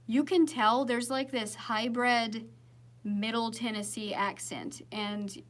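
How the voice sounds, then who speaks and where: A young woman with a Southern accent chatting casually with viewers on a livestream, rambling with fillers and restarts. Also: fairly high pitch. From Southern United States. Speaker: singer-songwriter livestreaming.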